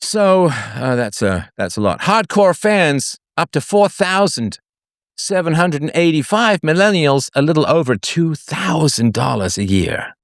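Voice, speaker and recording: A male host delivers a solo livestream monologue in an animated, unhurried voice whose pitch jumps widely between phrases. Between figures he reads out, he slips in sarcastic, mocking jokes. The recording is dry and close, with no echo or room sound.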